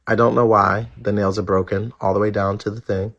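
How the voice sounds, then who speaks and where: Husky guy on a live stream, blunt, swears a lot, keeps repeating himself to the chat. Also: on the low side, flat delivery, brisk, fairly bright tone, muffled recording. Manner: blunt and outspoken, swears freely; talks straight to his viewers, repeating himself for emphasis. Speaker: live-stream show host. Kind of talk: casual live-stream commentary.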